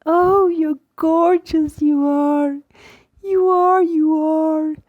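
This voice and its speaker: A woman voicing a new mother who coos at her newborn baby in a slow, high, sing-song voice with puckered lips, repeating herself. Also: fairly even intonation, dry recording, narrow, tinny audio. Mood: cooing. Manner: repetitive, exaggerated rise and fall.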